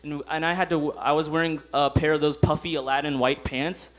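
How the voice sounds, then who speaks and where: High-voiced young man doing stand-up. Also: fairly even intonation, fairly quick, a bit bright. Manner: laughs at his own jokes, acts out voices. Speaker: stand-up comedian. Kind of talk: stand-up comedy set. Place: comedy club stage.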